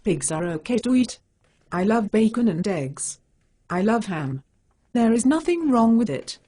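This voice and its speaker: A blunt, stubborn female cat superhero from an animated short, spoken by a computer voice. She has a slightly husky, mid-height voice that jumps around in pitch. She speaks in short, flat statements. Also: unhurried, exaggerated voice. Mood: defensive. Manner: plain, blunt, defensive. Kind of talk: synthetic animated dialogue.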